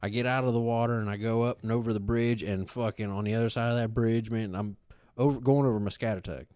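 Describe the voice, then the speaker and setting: A man's voice: mid-range voice, quick pace, clean tone, no room sound. Profane, rambling man telling stories. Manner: rambling, profane, animated storyteller. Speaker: podcast co-host. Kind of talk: casual storytelling chat.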